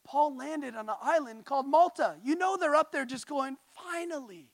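A man in his thirties from California preaching a sermon, passionate, dropping to quiet intimate tones and rising to loud exhortation. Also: very high-pitched, moderate pace, vocal fry, dry recording. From California, USA.

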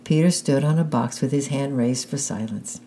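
Deep-voiced woman reading a children's novel. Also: a little hiss or hum. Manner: calm, unhurried first-person narration. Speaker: audiobook reader.

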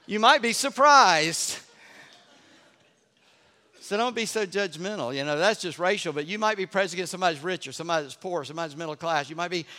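A man from Charleston preaching a sermon as pastor, telling stories with animated energy and dropping to a hush for effect. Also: high voice. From Charleston, South Carolina. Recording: long hall reverb.

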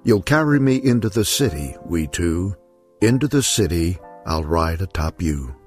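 A man voicing a gentle, wise, kind man who speaks softly in rhyming verse. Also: sits low, sing-song, normal speed, faint music behind. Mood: gentle reassuring.

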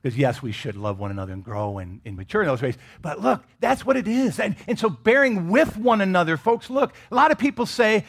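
A middle-aged male pastor preaching with a lively, swinging voice that jumps up and drops low. He speaks in a fairly high register and keeps slipping in joking asides to the congregation. He grew up in Michigan. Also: fairly quick, few pauses, husky. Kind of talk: sermon.

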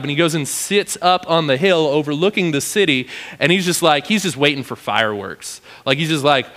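Animated young-sounding pastor, bright voice. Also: male voice, fairly high pitch, brisk. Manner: animated, acts out quoted voices, lots of "like". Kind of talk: casual sermon.

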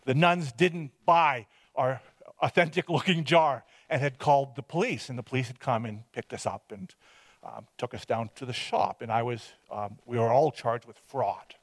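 A man's voice: mid-range voice, normal speed, no room sound. A man from British Columbia giving a personal testimony as a rambling, self-deprecating storyteller. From Hope, British Columbia, Canada.

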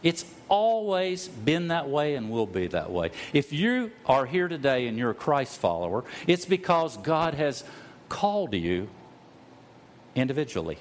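A middle-aged man preaching a sermon, telling stories at an easy pace, slowing down to stress key words and sometimes rising to a loud cry. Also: medium pitch, big pitch swings, a little hiss or hum. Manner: storytelling preacher, slows for emphasis, rises to loud cries. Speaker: pastor.

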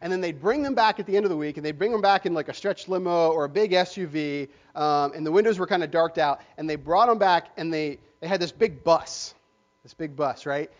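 A man with a high voice preaches, telling a story in a rambling way with many ums and restarts. The recording sounds dull and lo-fi. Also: fairly quick. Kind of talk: sermon.

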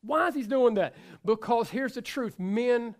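A man's voice: extremely high pitch, a little slow. Impassioned male preacher. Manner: impassioned, swinging from loud exhortation to soft asides; repeats phrases for emphasis, jokes with the congregation. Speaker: pastor. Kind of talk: sermon.

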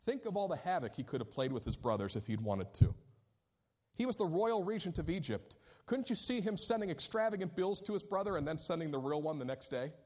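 Preaching, the male pastor shifts from excited high questions to a measured, unhurried reading of scripture spoken aloud.

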